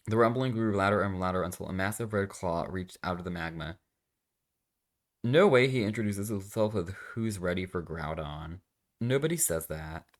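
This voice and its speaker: A man with a low voice reads a fan story aloud in a comedic way. He keeps stopping to mock the writing with dry, sarcastic remarks, and his tone stays deadpan. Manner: sarcastic, deadpan asides between dramatic readings. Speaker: reaction video host. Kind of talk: comedic fanfic reading with commentary.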